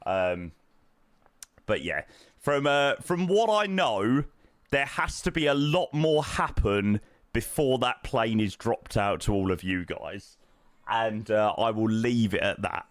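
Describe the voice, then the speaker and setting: Chatty streamer, lively dry voice. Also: male voice, medium pitch, no room sound. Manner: chatty, self-deprecating, thanking viewers. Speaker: flight simulator streamer. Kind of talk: casual live-stream chat. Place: at home.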